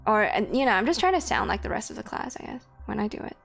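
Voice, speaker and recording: A woman's voice: mid-range voice, lively intonation, fast, creaky, fairly bright tone. A young woman from Hong Kong streaming a game live. She reads the on-screen story text aloud and chats between passages, with lots of fillers and self-corrections. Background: faint game music and keyboard typing.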